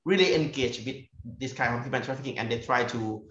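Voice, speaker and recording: A man's voice: mid-range voice, a little fast, a bit bright. Man, echoey call. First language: Thai-Lao (Isan). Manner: hesitant, repeats phrases, tentative. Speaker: guest researcher. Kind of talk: academic webinar talk. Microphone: video call. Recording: echoey, muffled video call.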